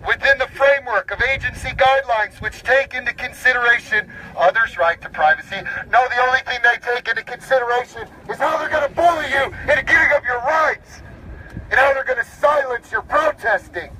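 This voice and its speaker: A man's voice: very high voice, fairly quick, sharp tone, a little hiss or hum, rough recording. A man giving an impassioned speech at an outdoor protest, reading rules aloud and then bluntly rebutting each one. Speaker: protest speaker, parent.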